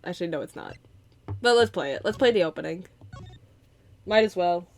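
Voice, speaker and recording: A woman's voice: on the low side, expressive, moderate pace, gravelly. A woman streamer playing a story game and reacting emotionally, gushing and exclaiming as she reads along. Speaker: gaming streamer. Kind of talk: let's play commentary.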